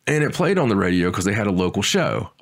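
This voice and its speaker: Casting: lower-voiced man, podcast co-host, easygoing rambling storyteller. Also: fast, vocal fry. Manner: rambling storyteller, animated asides. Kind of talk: casual chat.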